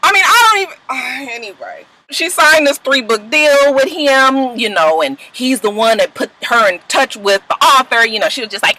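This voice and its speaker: A woman giving a casual, profane recap of a reality show, animated and sassy, laughing between her remarks. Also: high-pitched, normal speed, hardly any pauses, background noise.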